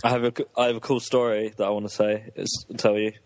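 A man's voice: lowish voice, level tone, quick pace. A young man co-hosting a casual chat, laughing and stumbling over his words. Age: young adult. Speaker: podcast co-host.

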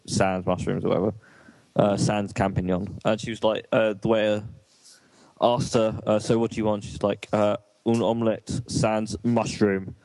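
A man's voice: on the low side, a little mellow, no echo. A man co-hosting a casual chat, swearing freely and telling rambling anecdotes with laughs.

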